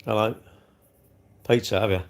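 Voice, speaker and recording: Eating cake on a relaxed livestream, this host rambles chattily and often chuckles. He speaks on the low side at normal speed, his tone steady.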